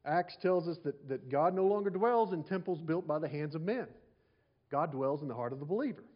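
A man's voice: a little high, animated, brisk, lo-fi sound. A man preaching a sermon to his congregation, repeating key phrases and asking the listeners rhetorical questions. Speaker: pastor.

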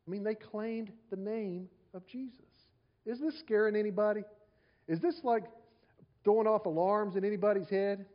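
A man's voice: high-pitched, fairly even intonation, moderate pace, lo-fi sound. A man preaching a sermon to his congregation, repeating key phrases and asking the listeners rhetorical questions. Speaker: pastor.

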